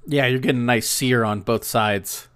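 A man's voice: mid-range voice, normal speed, fairly bright tone, clear, resonant tone. A man co-hosting a podcast from home, chatting casually in a joking, laid-back way with loose restarts. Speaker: podcast co-host. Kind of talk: casual chat. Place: indoors at home.

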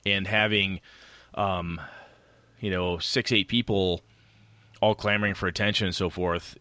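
A man co-hosting a podcast, chatting casually about tabletop gaming in a rambling, animated way with casual swearing. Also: deep voice, dry recording. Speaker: podcast co-host.

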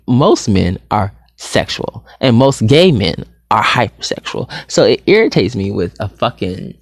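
A man talking frankly to his viewers in a sassy, animated monologue. He drops terms like honey and sugar and swings between loud outbursts and soft asides. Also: fairly low pitch, vocal fry, no room sound, studio quality. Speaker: vlogger.

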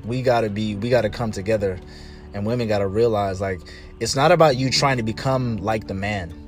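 A man's voice: lowish voice, fairly quick, faint music behind. A man speaking casually about relationships, telling stories and acting out what other people said. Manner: animated storytelling, mimicking others.

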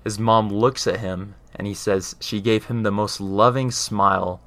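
Male speaker with a fairly low voice, earnest and conversational, explains ideas and often pauses to check in with his listener. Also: fairly even intonation, a bit bright, dry recording. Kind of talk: casual explanatory talk.

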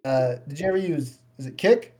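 A man's voice: fairly high pitch, expressive, a little fast, a little mellow. A man co-hosting a podcast in casual chat, laid-back, laughing and swearing. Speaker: podcast co-host.

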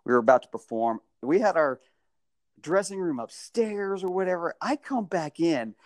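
A man telling stories in casual chat, animated and often laughing. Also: fairly high pitch, normal speed, dry recording, studio quality. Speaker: storyteller.

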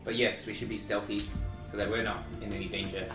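A man's voice: lowish voice, flat delivery, fast talker, echoey room, distant mic, over music. A man playing a tabletop game, laying out his character's plans decisively. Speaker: player.

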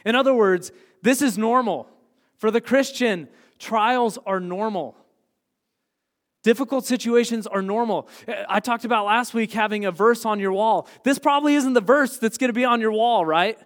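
Pastor guy preaching, earnest, kinda high voice, big hall echo. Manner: earnest preaching, swings from quiet to emphatic. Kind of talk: sermon.

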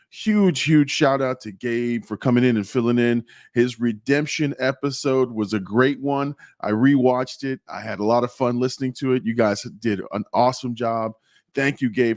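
A hoarse man hosting a podcast in a casual, excited chat, laughing often and repeating his words. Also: medium pitch, no echo, studio quality. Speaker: podcast host.

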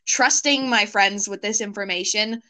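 A woman's voice: mid-range voice, moderate pace, bright, forceful tone. A teenage girl hosting a casual chat with friends, earnestly recounting personal memories. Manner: earnest, reflective storytelling with frequent laughs. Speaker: podcast host.

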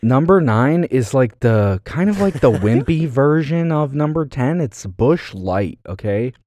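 A man's voice: medium pitch, animated, measured pace, mellow. A man co-hosting a podcast in a casual, joking chat, counting down a list. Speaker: podcast co-host.

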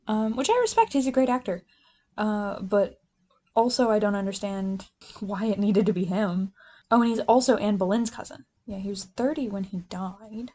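A woman's voice: medium pitch, moderate pace, dark tone. A young woman co-hosting a podcast, chatting casually and animatedly about a TV series, often laughing. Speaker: podcast co-host. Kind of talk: casual chat recapping a TV show.

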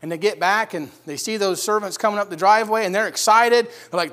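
A man preaching a sermon, retelling a scripture story vividly with rhetorical questions and swings between loud emphasis and hushed lines. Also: high-pitched, moderate pace. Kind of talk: expository sermon.

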